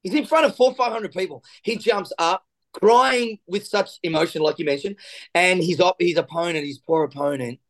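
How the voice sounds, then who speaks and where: A jiu-jitsu coach, a man, talks in an animated podcast interview and acts out the voices in his stories. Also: high voice, normal speed.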